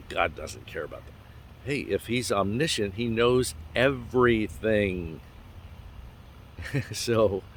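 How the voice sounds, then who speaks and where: A man hosting an informal outdoor devotional talk, gentle and folksy, recorded on a handheld phone. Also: lowish voice, a little hiss or hum. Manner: gentle, folksy, with pauses and small laughs. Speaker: devotional host. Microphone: handheld phone camera.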